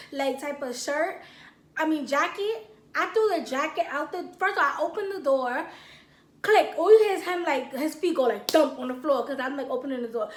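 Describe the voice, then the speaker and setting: A young woman tells a casual story straight to her viewers. Her voice sits high and jumps into both sides of the argument as she acts them out. The room around her rings with echo. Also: fairly bright tone. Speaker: vlogger.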